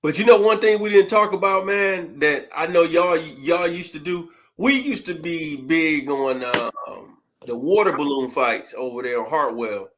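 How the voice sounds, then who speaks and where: A man, co-hosting a casual chat and recalling old cookouts, often pausing on fillers. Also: a little high, fairly bright tone. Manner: reminiscing, halting with fillers. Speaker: co-host.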